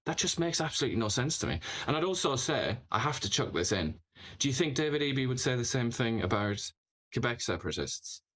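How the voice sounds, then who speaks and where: A man's voice: medium pitch, sing-song, brisk, a bit bright. A man hosting a political commentary show, talking in an opinionated, sarcastic way, full of mocking rhetorical questions.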